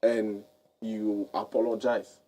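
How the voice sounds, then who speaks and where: A man's voice: lowish voice, flat delivery, slow pace, a loud crowd. A man hosting a radio talk show, asking questions and backing his guest with short murmurs. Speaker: radio host.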